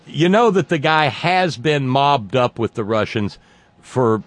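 A man hosting a political talk show, speaking in a halting, sarcastic way with many restarts. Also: mid-range voice, expressive. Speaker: talk radio host.

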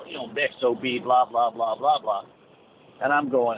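A man's voice: mid-range voice, a little fast. A man chatting casually on a call, rambling and restarting his sentences often. His voice comes through a narrow, tinny phone line. A faint hiss sits behind him. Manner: rambling, many restarts and stammers. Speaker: truck driver calling in. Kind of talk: casual chat.

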